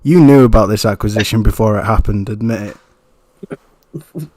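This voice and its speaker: A man's voice: fairly low pitch, normal speed, a crowd in the background. A man hosting a gaming podcast, playful and hyping his guests, eating while talking. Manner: playful, hypes guests up, says "bro" a lot. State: eating during the show. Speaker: podcast host. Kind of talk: casual chat.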